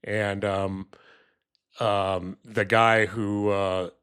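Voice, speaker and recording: A man's voice: lowish voice, level tone, extremely slow, fairly bright tone, clean tone. A man talking casually on his own, telling a story and then giving political commentary, with many fillers and restarts. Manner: rambling, many fillers and restarts, acts out quoted voices.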